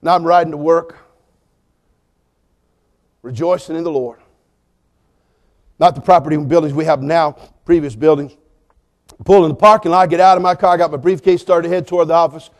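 A man preaching a sermon as pastor, telling a story with big swings from quiet asides to shouting. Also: a little high, brisk, long pauses.

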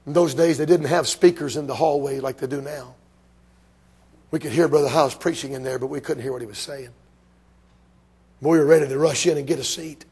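An older man preaching a sermon to a congregation, telling a personal story, swinging between hushed passages and shouted climaxes. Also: on the high side, slightly rough. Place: church before a congregation.

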